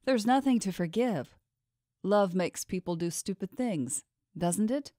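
A woman voicing a cold, suspicious and manipulative mistress in an audiobook, speaking in a smooth, probing tone. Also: mid-range voice, animated, unhurried, no echo, studio quality, lightly acted. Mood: coldly probing. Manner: smooth, probing, quietly menacing. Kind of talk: audiobook character voice.

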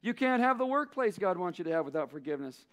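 A male pastor delivers a sermon in a fairly high voice. He preaches with passion, stacking repeated phrases to press his point home. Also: very animated, quick pace, a bit bright.

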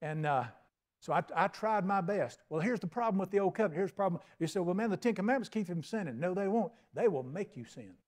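An older man delivering a sermon in a drawl. His voice sits fairly high. He preaches in a folksy, storytelling way, acting out little conversations and moving between hushed and booming. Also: expressive, quick pace. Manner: folksy preaching with acted-out dialogue and big swings in loudness. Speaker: pastor.

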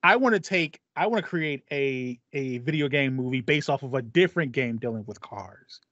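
A man's voice: lively intonation, moderate pace, a bit bright, dry recording. Rambling podcast co-host man, lo-fi. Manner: rambling, pitches ideas with restarts and fillers. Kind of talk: casual chat.

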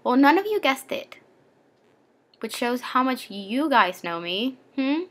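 A woman's voice: high voice, sing-song, takes it slowly, fairly bright tone. A young woman chatting casually in a book vlog, gushing and playful as she recommends a favorite novel. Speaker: book vlogger.

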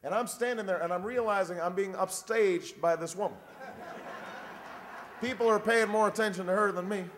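A man in his forties giving a campaign speech, telling a dry, wry story and then building to a shouted rallying close. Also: high-pitched, moderate pace, a little hiss or hum. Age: 40s. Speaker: presidential candidate. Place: large convention hall. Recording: long reverb of a big convention hall.

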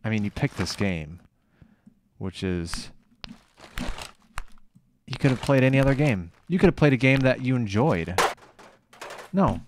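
Excitable man narrating his gameplay. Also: mid-range voice, a little slow, pauses often, background noise. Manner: excitable, swears and scolds himself out loud. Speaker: gamer playing a video game. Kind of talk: let's play commentary.

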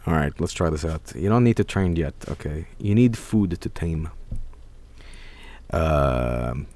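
A young man streaming a video game, excitable and swearing, often yelling at the characters on screen. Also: very deep voice, a little slow. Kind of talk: gaming livestream commentary.

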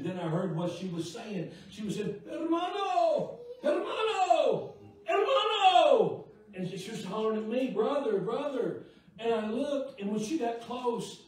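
A man's voice: on the high side, a little mellow, a little hiss or hum. A man preaching a revival sermon, telling his testimony in a folksy way with frequent fillers, recorded in a church sanctuary. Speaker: guest preacher. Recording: echoey church room, distant mic.

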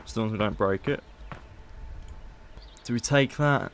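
A man's voice: fairly low pitch, measured pace, slight background noise. A man casually commentating gameplay as a YouTuber, chatty and playful. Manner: chatty, playful, haggling asides. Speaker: gaming YouTuber.

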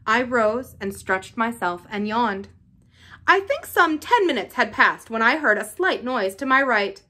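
A woman reading a novel aloud in an expressive, lively style. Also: on the high side, unhurried. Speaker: reader.

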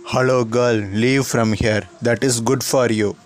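A man's voice: medium pitch, steady tone, a little slow, slight background noise, voice pushed down, natural voice. A man voicing a rude, boastful schoolboy bully in a sneering, dismissive tone.

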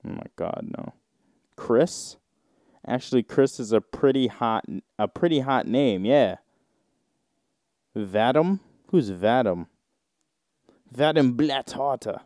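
Slow, mellow-voiced man riffing solo. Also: medium pitch, animated, no room sound, clean studio sound. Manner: rambling, reads search results aloud and riffs on them; slow, drawn-out delivery with sudden mocking outbursts. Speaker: podcast host. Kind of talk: casual solo podcast chat.

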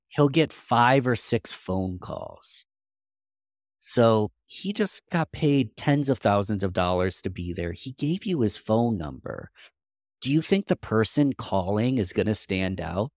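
A man's voice: fairly low pitch, very animated, takes it slowly, a little mellow, dry recording, studio quality. A man guest on a podcast interview, answering in an earnest, practical way and thinking aloud.

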